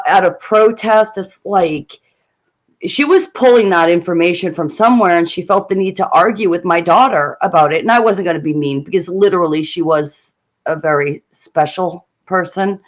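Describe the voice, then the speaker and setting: A woman's voice: medium pitch, muffled recording. A woman co-hosting a live stream, telling a story in casual chat, rambling and hesitant with many fillers. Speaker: livestream co-host.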